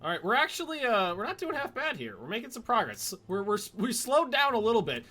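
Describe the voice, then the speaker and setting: Animated man streaming a strategy game. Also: very high-pitched, fairly quick. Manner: joking, animated, chuckling often. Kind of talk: casual live-stream banter.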